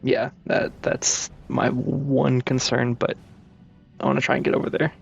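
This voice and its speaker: A man playing a tabletop game, chatting casually and thinking aloud with hesitant pauses. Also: medium pitch, little pitch movement, vocal fry, lo-fi sound, faint music behind. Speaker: player.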